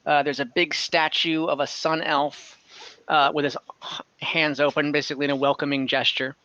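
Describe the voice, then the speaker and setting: A man's voice: a little high, flat delivery, moderate pace, bright, forceful tone, smooth, no echo, lo-fi sound. A man acting as dungeon master, describing a town at length with many fillers and restarts. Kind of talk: narrating an online tabletop game. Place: online call from home.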